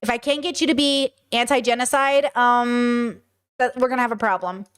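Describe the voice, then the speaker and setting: A fairly high, smooth voice at normal speed and a steady tone belongs to a woman reacting to news clips on her casual podcast. Her commentary is blunt and profane, and she wanders off into rambling asides.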